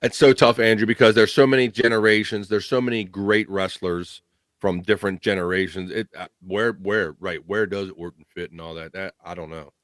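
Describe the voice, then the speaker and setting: A man's voice: on the low side, fairly even intonation, fairly quick, fairly bright tone, faint music behind. A man hosting a casual chat, easygoing, swearing now and then.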